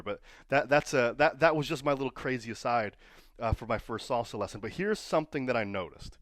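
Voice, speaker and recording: A man who coaches pro wrestlers talks through his advice in a loose, storytelling way and keeps asking "right?" His pitch sits in the middle of a man's range. The recording is dry and close. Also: brisk, no room sound. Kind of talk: casual advice monologue.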